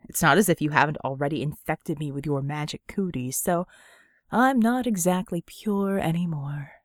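A woman voicing a blunt, sarcastic young man in an audiobook, with a lowered, clipped delivery. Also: moderate pace, no echo, clean studio sound, natural voice. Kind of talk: audiobook character voice.

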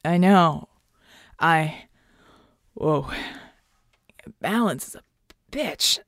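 A man's voice: fairly high pitch, normal speed, a little mellow, no room sound, clean studio sound. A woman voicing a tough male thief, growling and slurring his words.

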